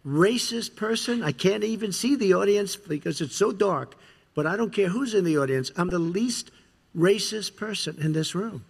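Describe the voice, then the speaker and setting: A man's voice: sits high, animated, moderate pace, creaky, breathy edge. An older man speaking combatively at a televised debate, interrupting and repeating himself. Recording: broadcast from a reverberant hall.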